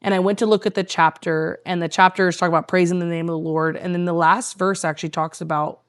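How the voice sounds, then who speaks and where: Woman, lowish voice, earnest, rambling, casual storytelling. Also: fairly even intonation, fast. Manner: earnest, rambling, many "like" fillers. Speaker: guest, tea room owner.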